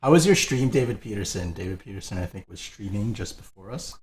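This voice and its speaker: A man's voice: fairly low pitch, expressive, fairly quick, slight background noise. A man co-hosting a live painting stream, chatting casually, laughing often and greeting viewers by name.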